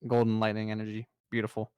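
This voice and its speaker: A young man co-hosting a casual podcast chat, rattling off trading cards with easy enthusiasm. His voice is smooth and clear, recorded close and dry with no room sound. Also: fairly low pitch, completely flat delivery, quick pace, a little mellow, no room sound. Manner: enthusiastic, rattles off card lists. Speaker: podcast co-host presenting trading card news.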